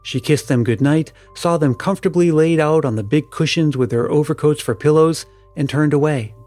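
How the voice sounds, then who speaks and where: Male storyteller, measured and calm, dry close recording. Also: a little high, no room sound, soft background music. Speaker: story reader. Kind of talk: storybook narration.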